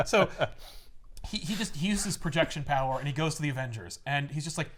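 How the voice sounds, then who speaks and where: Animated man with a high, lively voice. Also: brisk, very noisy. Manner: animated, laughing, acts out characters. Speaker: podcast host recapping a comic. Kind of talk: casual chat.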